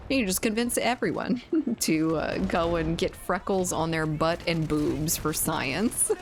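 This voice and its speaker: A woman's voice: lowish voice, measured pace, creaky. A young woman streaming a game, chatting candidly with her chat, joking and laughing often. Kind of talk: casual stream chat while gaming.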